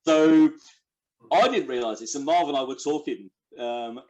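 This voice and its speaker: A man's voice: medium pitch, normal speed, a little mellow, dull audio. A man hosting a podcast interview, asking eager questions that tumble over each other. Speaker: podcast host. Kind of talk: casual interview.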